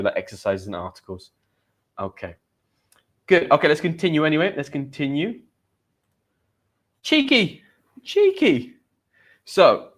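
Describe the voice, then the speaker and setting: Chatty British man teaching English. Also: mid-range voice. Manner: chatty, reads viewers' comments aloud. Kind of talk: live-streamed English lesson.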